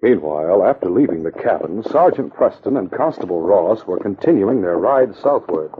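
A man giving steady, dramatic scripted narration for a 1950s radio drama, on a tinny old broadcast. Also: deep voice, moderate pace, husky.

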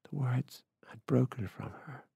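A man reading a short story aloud in a measured, unhurried way. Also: medium pitch, creaky, mellow, slightly rough, no room sound, studio quality. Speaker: author reading fiction. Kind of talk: literary reading.

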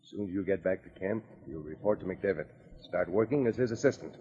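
A man's voice: deep voice, brisk, a little hiss or hum, lightly acted. An actor playing a kindly, fatherly older boss praising a young man, in a 1950s radio drama. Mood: jovial. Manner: warm, jovial, fatherly. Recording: muffled old radio recording.

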